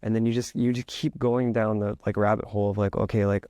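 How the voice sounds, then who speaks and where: Casual, rambling man with a low voice. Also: steady tone, a little fast, few pauses, warm tone, no room sound, clean studio sound. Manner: rambling, heavy use of "like", acts out inner thoughts. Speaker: podcast guest, author and musician. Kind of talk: casual interview talk.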